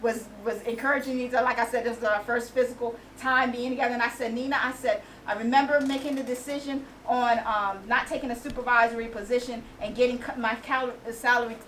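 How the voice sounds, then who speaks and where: A woman in her late forties sharing an animated, laughing testimony at a women's conference. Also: fairly high pitch, fast, hardly any pauses. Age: 40s. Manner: animated storytelling, laughing and exclaiming. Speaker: inspirational speaker. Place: conference venue with a small audience. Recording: distant mic with faint audience and room noise.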